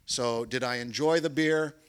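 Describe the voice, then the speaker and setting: A man's voice: medium pitch, steady tone, measured pace, clear, resonant tone. A man telling a personal story on stage, with wry, understated comic timing. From Canada.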